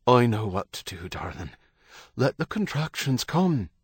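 A man reading an audiobook, voicing a calm, steady husband who gives firm, reassuring instructions. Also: medium pitch, normal speed, dry recording, studio quality, pitched above the performer's own voice, lightly acted. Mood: urgent. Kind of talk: audiobook character voice.

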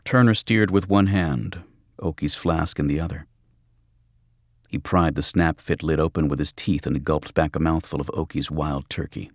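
A man narrating an audiobook in a measured, even storytelling manner. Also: rumbling low, no room sound, studio quality. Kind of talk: scripted narration.

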